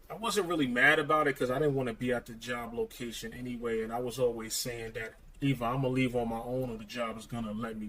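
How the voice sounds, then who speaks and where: A man's voice: medium pitch, fairly bright tone, slight background noise, poor audio. A man telling his own story to camera in a blunt, streetwise, candid way. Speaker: vlogger.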